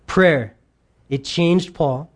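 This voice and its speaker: Emphatic preacher with loud and quiet swings. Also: mid-range voice. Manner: reads scripture aloud in between explaining. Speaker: pastor. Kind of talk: sermon.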